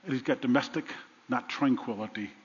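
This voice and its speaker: A man preaching a sermon, animated, swinging between loud bursts and hushed asides. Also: mid-range voice, a little fast. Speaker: pastor. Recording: dull sound with long reverb.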